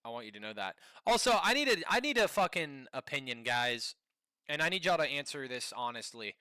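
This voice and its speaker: Male streamer, live reaction commentary, bright and swinging delivery, profane and rambling. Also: mid-range voice, sing-song, fairly quick, clean tone, no room sound, studio quality.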